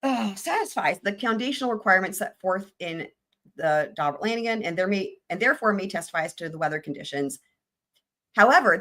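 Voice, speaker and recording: Woman streamer, bright and forceful voice, jokey, giggles through legal readings. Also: mid-range voice. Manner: giggly, jokey, trails off into laughter. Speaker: livestream host. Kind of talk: casual livestream commentary reading court filings.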